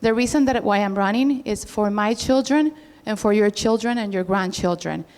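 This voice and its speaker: A woman's voice: mid-range voice, normal speed, darkish tone. Middle-aged woman, political candidate, campaign speech, earnest, reverberant meeting room. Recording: hall reverb.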